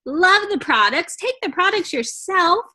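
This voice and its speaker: A woman's voice: very high voice, animated, measured pace, pushed and bright. A woman giving a chatty, emphatic pep talk to her team on a video call from home, acting out little dialogues.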